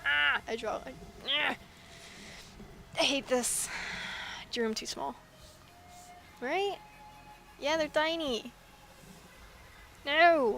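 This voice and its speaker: A woman's voice: sits high, takes it slowly, creaky, long pauses, fairly bright tone, slight background noise. A woman chatting casually while she draws, rambling and giggly with self-deprecating asides. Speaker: artist drawing on stream. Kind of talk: casual chat while drawing.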